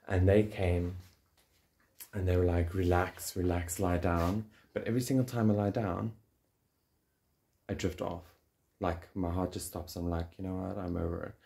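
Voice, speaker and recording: A man's voice: deep voice, creaky, slight background noise. A man with a South African English accent tells a personal story to the camera in a casual vlog, joking and swearing as he goes. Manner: swearing, joking, animated retelling. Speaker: vlogger.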